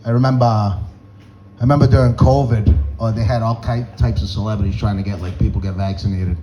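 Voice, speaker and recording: A man's voice: on the low side, steady tone, fairly quick, dull audio, soft background music. Man, stand-up comic from the North End, loose profane storyteller, slightly out of it. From Boston North End. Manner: rambling, profane, laughing at own jokes. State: groggy on antihistamine. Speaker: stand-up comedian.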